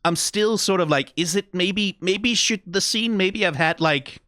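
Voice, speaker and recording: A man hosting a reaction video, talking through the animation in a casual, animated way, full of "like" and "right?" and the odd curse. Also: sits high, a little slow, no room sound, studio quality. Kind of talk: casual analytical commentary.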